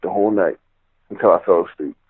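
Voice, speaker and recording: A man's voice: sits low, fast, husky. A man telling a personal story in a rambling, casual way, full of "you know" and "like". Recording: tinny phone line.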